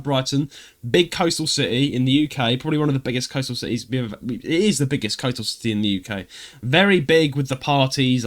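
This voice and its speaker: A man with a Cockney accent, co-hosting a casual podcast and telling stories with loud acted outbursts. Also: medium pitch. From London, England. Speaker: podcast co-host.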